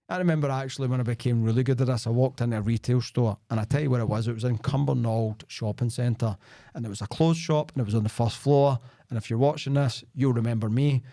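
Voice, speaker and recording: In a clean, dry studio recording, a middle-aged Scottish man with a dark mid-range voice chats as a podcast guest. The sales expert is a natural storyteller whose anecdotes are full of "like" and "right?".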